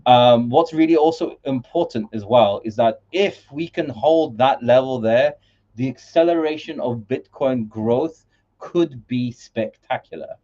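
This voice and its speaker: A man's voice: medium pitch, measured pace, mellow, highs cut off. A man hosting a casual crypto market livestream, rambling with many fillers and restarts while sharing his screen.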